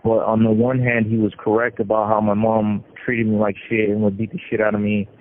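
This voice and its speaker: A middle-aged man speaks in a low, flat voice, stopping and restarting his sentences as he tells his story. The sound comes through a tinny prison phone line with a faint hiss. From California. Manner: halting, with frequent restarts and repeated words. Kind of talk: personal story over a phone call. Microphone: prison telephone.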